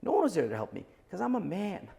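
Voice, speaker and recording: A man's voice: sits high, huge pitch swings, quick pace, vocal fry, warm tone. A man in his forties, a guest on a podcast interview, giving blunt and emphatic opinions. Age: 40s. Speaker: entrepreneur guest.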